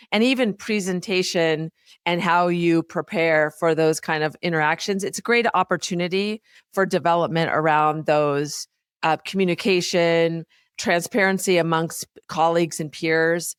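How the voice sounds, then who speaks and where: Smooth-voiced woman on a podcast. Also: lowish voice, no room sound, clean studio sound. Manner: animated and encouraging, with filler "like". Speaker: podcast co-host, workplace consultant. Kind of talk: casual conversational podcast chat.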